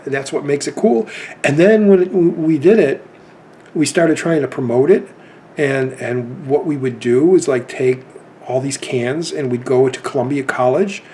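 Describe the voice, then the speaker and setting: A man's voice: medium pitch, warm tone, slight background noise. A man in his fifties telling rambling anecdotes in a casual chat about his film collection.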